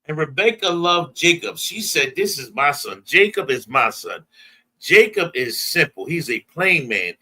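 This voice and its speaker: A high-voiced American man teaches scripture with a bright, ringing tone. His pitch swings widely as he prompts a reader and retells verses in casual slang. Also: sing-song, a little slow, breathy edge. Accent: American English. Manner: emphatic, call-and-response, paraphrases verses in slang. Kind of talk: bible class teaching.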